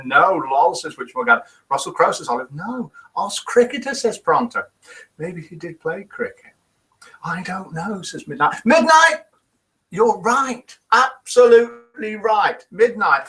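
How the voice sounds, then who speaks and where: A man's voice: on the high side, bright, forceful tone, low-quality recording. A middle-aged man from the United Kingdom hosting a casual live morning show, reading out viewers' guesses with playful, chuckling quiz-master banter. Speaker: host of a daily live show. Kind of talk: casual live-stream chat, reading out comments.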